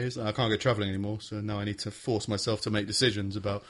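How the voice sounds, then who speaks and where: A man's voice: on the low side, fairly even intonation, rapid-fire. A man hosting a casual podcast chat, rambling, laughing and swearing freely. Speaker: podcast host.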